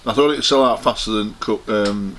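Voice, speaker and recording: A man with a fairly low voice talks at a measured pace in a casual chat, hesitating and restarting as he thinks. Faint noise sits behind him. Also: fairly bright tone. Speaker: guest.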